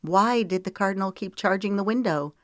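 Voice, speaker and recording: A woman's voice: mid-range voice, a little fast, dry recording, clean studio sound, pitched above the performer's own voice, close to an everyday voice. A woman narrator voicing a tearful, defiant young woman in an audiobook, with a pleading, emotional delivery. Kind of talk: audiobook character voice.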